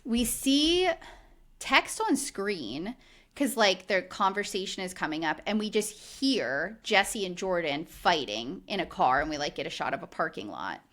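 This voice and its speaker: A woman's voice: on the low side, expressive, measured pace, a bit bright. A woman co-hosting a podcast, recapping a reality show in casual, indignant chat full of "like". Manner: indignant, chatty, heavy use of "like". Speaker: podcast co-host.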